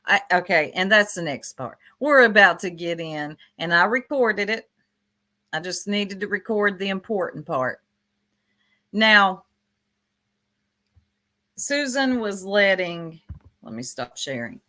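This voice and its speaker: A woman's voice: lowish voice, expressive, slow pace, long pauses, bright, forceful tone. Blunt Southern woman streamer. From Tennessee. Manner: blunt, gossipy, laughs often. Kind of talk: casual livestream commentary.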